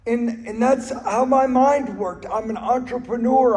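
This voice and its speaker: Recorded in an echoey hall, a man shares his personal recovery story in an earnest way, weaving in stories and repeating phrases for emphasis. His voice is very high and a little mellow, and he speaks slightly slowly.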